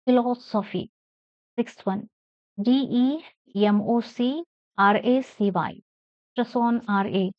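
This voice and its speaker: A woman with a fairly high voice teaches English, spelling each word out letter by letter and leaning hard on the stressed syllable. Her delivery is slow and deliberate. The recording sounds dry and a little dull. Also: dry recording. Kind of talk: classroom lesson, spelling words out and reading aloud.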